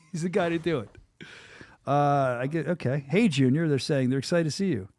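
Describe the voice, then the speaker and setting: A man hosting a podcast in a fast, joking hype-man patter, with a Delaware County Philadelphia accent. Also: on the high side, darkish tone, dry recording, studio quality. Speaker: host. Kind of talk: casual podcast chat.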